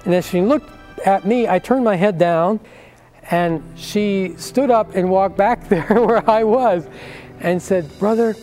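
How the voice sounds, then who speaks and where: An older man shares a heartfelt personal testimony of faith, imitating the voices of the people in his story. His voice is high and darkish, he speaks slowly, and faint music plays in the background.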